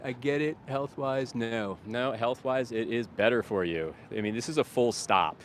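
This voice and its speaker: A middle-aged man livestreaming outdoors as a street activist, talking casually and bluntly to his viewers, ranting and swearing freely and calling out loudly to passersby. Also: medium pitch, moderate pace, hardly any pauses, slight background noise. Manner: calls out to passersby in a loud upbeat voice.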